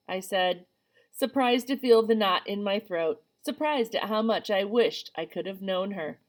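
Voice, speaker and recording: A woman reading a first-person novel aloud, lifting her voice for the dialogue lines. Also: normal speed. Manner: voices dialogue with lively rising pitch. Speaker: audiobook reader.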